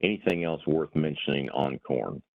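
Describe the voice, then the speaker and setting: Very deep man on a tinny line. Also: expressive, normal speed, vocal fry. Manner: folksy, uses sports comparisons, repeats words. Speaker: meeting host. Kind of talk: webinar discussion.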